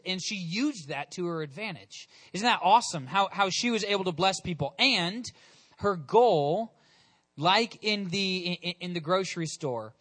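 Young male preacher, high bright voice, energetic conversational sermon delivery. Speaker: pastor.

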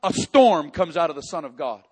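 A man preaching a sermon, reading scripture and building to impassioned, near-shouted prayer. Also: a little high, animated, moderate pace, breathy edge. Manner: impassioned preaching, rising to shouts in emotional passages. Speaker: pastor.

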